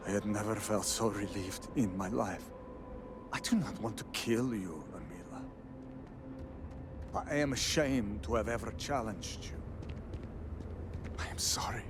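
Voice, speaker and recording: A man's voice: fairly low pitch, background noise, natural voice. An actor playing a proud male game character who speaks formally and sounds ashamed of a challenge he made. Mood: remorseful. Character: proud, ashamed male duelist seeking reconciliation. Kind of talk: video game voice acting.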